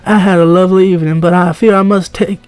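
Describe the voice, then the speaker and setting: A streamer voicing a stern woman rancher with a riding crop, in a put-on Southern drawl and a slow, measured delivery. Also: medium pitch, steady tone, darkish tone, clear, resonant tone, no room sound, faint music behind, lightly acted. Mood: formal. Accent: put-on American Southern drawl.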